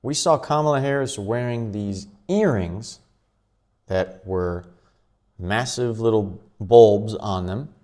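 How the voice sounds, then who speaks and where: A man hosting his own commentary vlog, talking quickly and offhandedly with chuckling asides. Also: fairly low pitch, a little mellow. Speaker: channel host.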